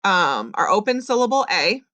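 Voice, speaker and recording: A woman teaching a reading lesson, patiently sounding out words slowly and explaining each step. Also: medium pitch, big pitch swings, sharp tone, no echo. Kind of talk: classroom phonics lesson.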